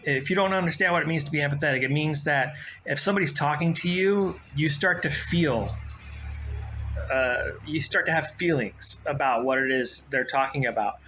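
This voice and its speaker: A man in his forties talking casually to camera, giving job-hunting advice in a rambling, low-key way with frequent fillers and restarts. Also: moderate pace, bright, forceful tone, a little hiss or hum, poor audio. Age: 40s.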